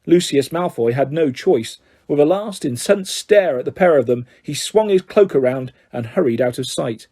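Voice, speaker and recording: Male audiobook narrator: steady storytelling, warm and a bit high. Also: moderate pace, few pauses, slightly rough. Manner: steady storytelling with voiced dialogue. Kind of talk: scripted narration.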